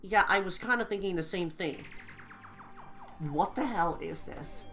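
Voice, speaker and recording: A chatty woman streams a game playthrough, giggling as she talks to her viewers. Her voice is raspy from allergies, yet bright and lively in pitch. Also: a little slow, pauses often, soft background music. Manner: chatty, giggly asides to chat.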